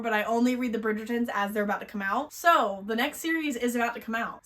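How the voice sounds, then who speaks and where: Blunt, animated young woman ranting. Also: fairly high pitch. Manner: blunt, animated, swears freely. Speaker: book vlogger. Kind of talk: casual book review rant.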